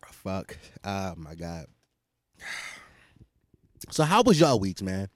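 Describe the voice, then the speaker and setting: A man's voice: low-pitched, sing-song, slow, no echo. A young man hosting a podcast, chatting casually in a rambling, profane and self-mocking way. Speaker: podcast host. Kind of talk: casual solo chat.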